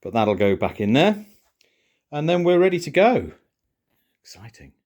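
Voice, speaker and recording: A man's voice: on the high side, very animated, normal speed, a little mellow. A middle-aged British man vlogging, chatting casually and explaining things in detail with a playful streak.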